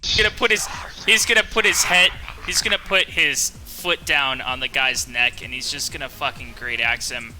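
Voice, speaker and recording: A man playing a tabletop game, describing his character's attack in an animated, stumbling way with swearing. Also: medium pitch, normal speed, music in the background. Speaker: player.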